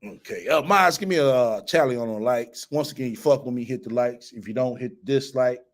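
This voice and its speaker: A man's voice: medium pitch, a little fast. A man hosting a casual commentary livestream, swearing a lot, mocking and laughing as he reads and answers comments. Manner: profane, mocking, laughs often. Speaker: host.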